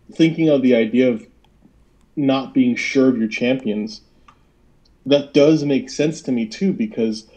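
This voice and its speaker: A man co-hosting a casual wrestling talk show over an online call, measured and agreeable, reasoning his points aloud. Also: medium pitch, mellow, lo-fi sound. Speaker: podcast co-host.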